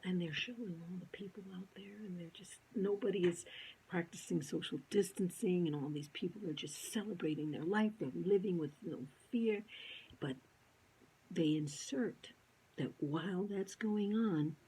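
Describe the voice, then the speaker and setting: A woman's voice: lowish voice, slightly rough, poor audio. A woman telling a personal story to camera, acting out quoted lines and often dropping into a whisper. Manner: animated, acts out quotes, often drops to a whisper. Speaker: vlogger.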